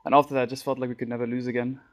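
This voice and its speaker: A man from South Africa, a guest on a gaming podcast, talking in a relaxed, mumbly way with plenty of fillers. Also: mid-range voice, very fast, background noise. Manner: laid-back, mumbly, lots of fillers. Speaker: podcast guest, esports player. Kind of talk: casual interview chat.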